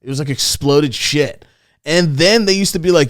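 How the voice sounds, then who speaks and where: A man's voice: a little high, normal speed, no echo, clean studio sound. A young man co-hosting a podcast in laid-back joking chat. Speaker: podcast co-host. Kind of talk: casual podcast banter.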